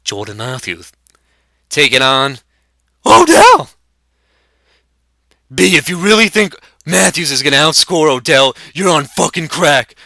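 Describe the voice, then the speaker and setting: A man's voice: a little high, very animated, unhurried, creaky, long pauses, bright, forceful tone, no room sound, studio quality, pitched above the performer's own voice, exaggerated voice. A young man voicing a brash, profane sports bettor who trades crude insults. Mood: heated. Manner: crude insulting trash talk.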